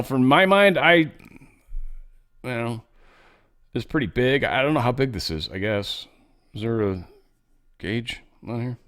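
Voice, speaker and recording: A man's voice: medium pitch, a bit bright. A man hosting a show, giving casual political commentary in a rambling, off-the-cuff way with some swearing. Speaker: show host.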